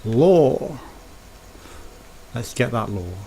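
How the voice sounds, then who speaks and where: Man, Birmingham accent, let's play host, mid pitch, gravelly, chatty and rambling. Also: very animated, drawn-out words, dark tone, a little hiss or hum, low-quality recording. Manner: rambling, chatty, thinking aloud. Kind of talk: casual gameplay commentary.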